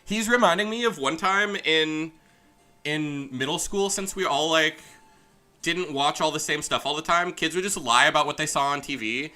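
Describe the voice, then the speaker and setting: A young man doing casual commentary on a game he is playing. He rambles from one tangent to another, with a bright voice that sits a little high. He laughs easily and slips into offhand character voices as he reads. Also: moderate pace. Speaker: let's play streamer. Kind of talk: casual gameplay commentary, reading game dialogue aloud.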